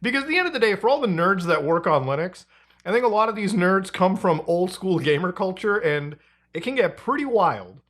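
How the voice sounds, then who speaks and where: A man hosting a casual commentary video, excitable, often laughing and swearing freely. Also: high voice, fairly quick. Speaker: commentary channel host.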